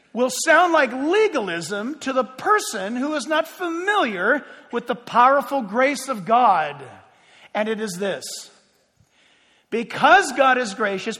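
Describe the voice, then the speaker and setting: A man with a very high voice preaches a sermon from the pulpit and keeps putting direct questions to his congregation. His voice rings with a long reverb through the church sanctuary. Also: sharp tone. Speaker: pastor.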